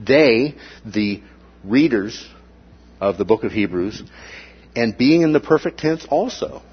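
A man with a husky, slightly breathy voice teaches a Bible lesson in an animated way. He keeps asking his listeners "okay?" to check they follow. The recording is dull and lo-fi, with little top end. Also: mid-range voice, slow pace.

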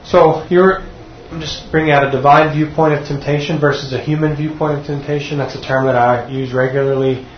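A man's voice: a little high, fairly even intonation, fairly quick, hardly any pauses. Man, sermon teaching, earnest, repeats himself, echoey church room, faint noise. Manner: earnest, repeats words when restarting. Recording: dull echoey room recording.

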